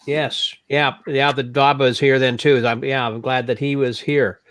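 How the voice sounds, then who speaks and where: A man's voice: mid-range voice, level tone, a little slow, a bit bright, no room sound. A man hosting an online show, asking his guests questions in a hesitant way with many fillers. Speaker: host. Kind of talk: interview questions.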